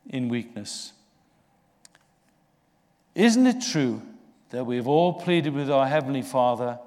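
A man preaching a sermon, slow and earnest, rising in force for emphasis. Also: mid-range voice, darkish tone. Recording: long reverb of a large hall.

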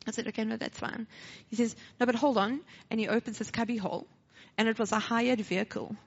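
A woman's voice: a little high, brisk, gravelly, husky. A woman with a South African accent telling a personal testimony at church, acting out the dialogue, then moving into a short sermon. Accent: South African English. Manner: animated storytelling, acting out dialogue. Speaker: church speaker sharing a testimony. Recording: dull lo-fi recording.

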